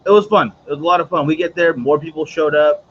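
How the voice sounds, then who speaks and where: A fast-talking man with a slightly high voice hosts a cigar morning show as a casual livestream. He chats and rambles with many fillers and asides to viewers. The highs are cut off, and there's a little hiss or hum.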